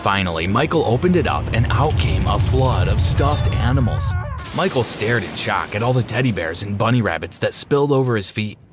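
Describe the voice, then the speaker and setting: A man narrating a dramatic first-person story in an expressive storytime style. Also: fairly low pitch, a little fast, over loud music.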